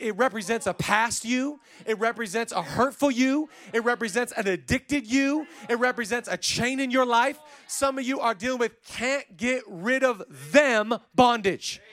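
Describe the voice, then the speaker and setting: A man preaching a sermon as pastor, talking casually and then building to shouted lines. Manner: acts out quoted voices with sudden pitch jumps.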